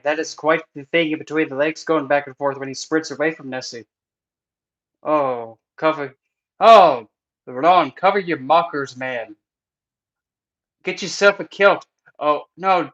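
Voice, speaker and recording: Man putting on a boisterous Scottish bloke, loud and raised, joking around. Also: a little high, unhurried, lo-fi sound. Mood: teasing. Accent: Scottish, put on. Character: rowdy joking Scotsman.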